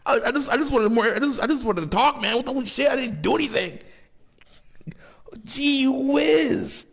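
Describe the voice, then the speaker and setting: A young man playing a courtroom game and reacting out loud, excitable and swearing a lot, laughing and rambling in slang. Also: extremely high pitch, racing, creaky, slightly rough. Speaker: gaming YouTuber. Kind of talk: let's play commentary, reading game dialogue aloud.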